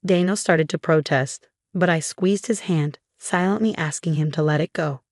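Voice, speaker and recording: A woman reading a first-person story as scripted narration, in an even, measured storytelling manner. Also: deep voice, dry recording, studio quality.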